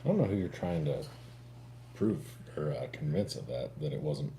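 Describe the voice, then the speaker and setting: A man co-hosting a casual livestream chat, joking around and jumping into loud, animated bursts. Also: very deep voice, moderate pace, gravelly, a little hiss or hum. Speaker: co-host of a livestream.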